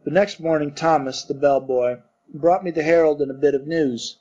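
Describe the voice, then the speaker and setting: A man reading a literary story aloud in a measured way. His voice is mellow and a touch high for a man, and the recording sounds dull and muffled. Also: fairly even intonation, breathy edge. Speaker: audiobook narrator. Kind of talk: scripted narration.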